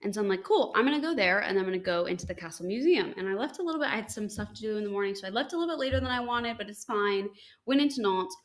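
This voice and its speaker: A young woman from the United States, a podcast host, casually telling a story with lots of "like" and "um" and bright, high-pitched quoted lines. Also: racing. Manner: chatty, animated quotes with high-pitched acted lines, frequent likes and ums.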